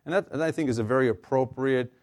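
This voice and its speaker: A man's voice: mid-range voice, fast, darkish tone. A man counselor giving an informal workshop talk to a live audience, conversational with fillers and light humor. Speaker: counselor leading a staff workshop.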